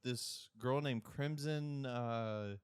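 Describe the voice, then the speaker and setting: A young man co-hosting a podcast, casually recapping a TV episode in a rambling, animated way. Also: medium pitch, very slow, clean tone. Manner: rambling, animated retelling with loud acted-out quotes. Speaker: podcast co-host.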